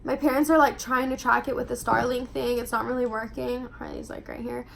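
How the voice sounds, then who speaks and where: Young woman vlogger, high voice, chatty storytime delivery, heavy on "like". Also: level tone, a little fast, gravelly, a bit bright, a little hiss or hum. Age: young adult. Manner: chatty, fills every phrase with "like". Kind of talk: casual storytime monologue.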